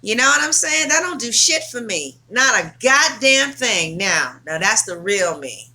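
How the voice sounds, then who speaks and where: A woman's voice: on the high side, big pitch swings, a little slow, bright, forceful tone. A woman tarot reader talking casually to camera, blunt, emphatic and full of swearing.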